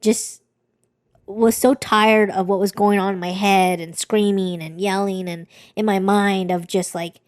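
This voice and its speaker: A woman's voice: mid-range voice, steady tone, a little slow, no echo, clean studio sound. A young woman co-hosting a podcast, telling a personal story in a candid, rambling way with many restarts. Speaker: podcast co-host. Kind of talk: casual chat.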